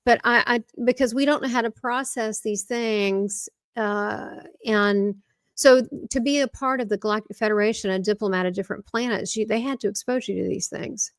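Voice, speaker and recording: A woman with a Southern US accent, a guest on an interview podcast, telling stories in a rambling, excitable way. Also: fairly high pitch, normal speed, no echo. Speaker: guest, spiritual medium. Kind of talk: casual interview talk.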